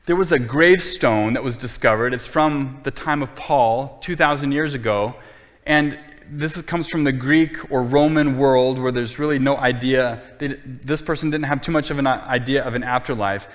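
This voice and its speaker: A man's voice: medium pitch, in a large hall. A man preaching a sermon as pastor, earnest and emphatic, often repeating his points.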